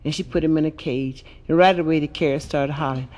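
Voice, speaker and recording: A woman's voice: low voice, fast talker, hardly any pauses. A brash woman comic working through raunchy jokes and bawdy verses with punchy, crude delivery. It is a stand-up album recording. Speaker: stand-up comedian. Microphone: comedy album recording.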